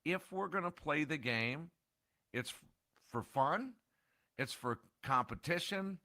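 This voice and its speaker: Animated bright-voiced male sports talker. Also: mid-range voice, no room sound, studio quality. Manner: animated ranting with rhetorical questions. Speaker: sports radio co-host. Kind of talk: casual sports talk.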